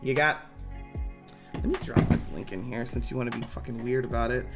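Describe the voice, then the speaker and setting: A man's voice: medium pitch, fairly quick, gravelly, loud music behind the voice. A man hosting a game-design live stream, chatting casually and profanely with his viewers. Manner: casual, joking, profane, talks to chat by name.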